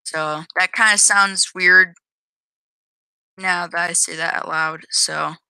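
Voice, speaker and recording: A woman's voice: lowish voice, fairly even intonation, slow pace, gravelly, pushed and bright, clean tone, no room sound, low-quality recording. A woman giving casual commentary while playing and showing her own game, hesitant, with many restarts and self-corrections.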